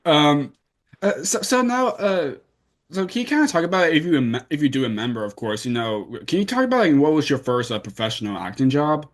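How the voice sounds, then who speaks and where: A man co-hosting a podcast fumbles his way into questions with plenty of fillers. His voice is somewhat high and moves lively up and down. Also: brisk. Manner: hesitant, filler-heavy questions. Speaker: podcast co-host. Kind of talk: casual interview questions.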